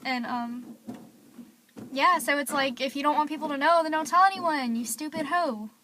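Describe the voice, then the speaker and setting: A woman's voice: high-pitched, moderate pace, bright, forceful tone, slight background noise. A teenage girl vlogging, rambling through gossip with lots of fillers. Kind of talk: casual gossip vlog.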